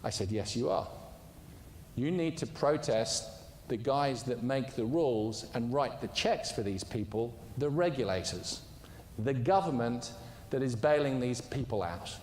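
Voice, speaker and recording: A man's voice: mid-range voice, lively intonation, measured pace, darkish tone, a little hiss or hum. A man delivering a conference speech, telling an anecdote in an emphatic storytelling way. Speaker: conference speaker. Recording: echoey hall with long reverb.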